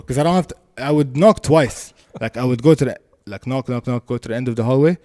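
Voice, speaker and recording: A man telling a story in casual podcast chat, animated and laughing, acting out voices. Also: medium pitch, quick pace.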